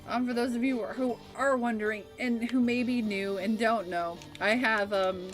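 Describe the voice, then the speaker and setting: A woman's voice: a little high, fairly even intonation, moderate pace, over music. A woman from the Bay Area in California, chatting casually while streaming a game and reading her chat aloud. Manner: chatty, reads chat aloud, breaks into laughs.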